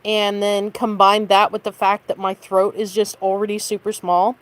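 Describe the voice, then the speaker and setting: A woman talking casually on a late-night livestream from her bedroom. She rambles in an easygoing way and stops often to cough or clear her throat. Her voice sits in an ordinary middle range for a woman. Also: flat delivery, moderate pace. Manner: high baby-talk voice to her cat. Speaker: streamer.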